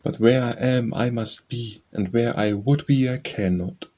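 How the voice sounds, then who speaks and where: A man's voice: medium pitch, measured pace, darkish tone. A man reading nursery rhymes aloud as an audiobook, in a sing-song, rhythmic recitation. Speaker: audiobook reader.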